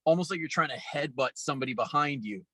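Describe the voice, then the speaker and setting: A man hosting a podcast, chatting casually about training and comedy, relaxed and joking with lots of fillers. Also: a little high, fast talker, dry recording, poor audio. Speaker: podcast host, strength coach.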